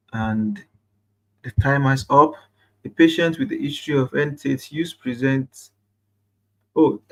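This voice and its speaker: A man's voice: medium pitch, poor audio. A man hosting a live online nursing quiz, reading questions aloud, repeating phrases and chatting with viewers. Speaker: nurse quiz host.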